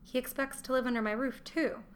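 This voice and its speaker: A woman reading the lines of a gruff, middle-aged Roman merchant who is contemptuous of his wife, in a scornful, grumbling manner, as an audiobook character voice. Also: high-pitched, steady tone, brisk, slight background noise, pitched above the performer's own voice, close to an everyday voice.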